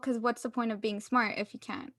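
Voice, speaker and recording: A woman's voice: fairly high pitch, steady tone, brisk, fairly bright tone, no echo, clean studio sound. A young adult woman co-hosting a casual podcast chat, explaining tips in an upbeat way and laughing often. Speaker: podcast co-host.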